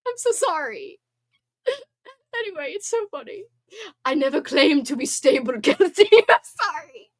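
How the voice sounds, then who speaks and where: A high-voiced woman hosting a laid-back livestream, reading her viewers' comments aloud. She is giggly and playful, tossing out mock threats between fits of laughter. Her voice swoops all over, and the sound is close and dry with no room echo. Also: very animated, measured pace, long pauses. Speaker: livestream host.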